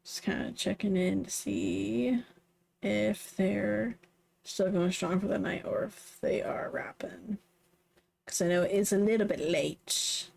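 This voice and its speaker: A woman from the Southern United States chats casually on a live stream. She meanders through her thoughts with plenty of ums and uhs. Her voice sits at an ordinary middle pitch. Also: steady tone, slow pace, creaky, a little mellow. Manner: chatty, meandering, many fillers. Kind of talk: casual chat.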